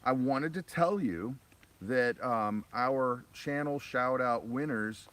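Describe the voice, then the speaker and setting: A man's voice: mid-range voice, slow pace, fairly bright tone. Man, livestream co-host, casual chat, playful, outdoors by a lake. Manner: jokey, upbeat, playful.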